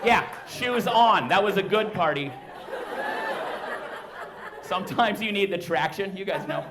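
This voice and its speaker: A man's voice: high-pitched, a little slow. A man in his thirties doing a stand-up comedy set on a club stage, talking conversationally into a handheld mic. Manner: conversational, bursts into loud shrieking impressions of his kids. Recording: live club recording with audience laughter and noise. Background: audience laughing.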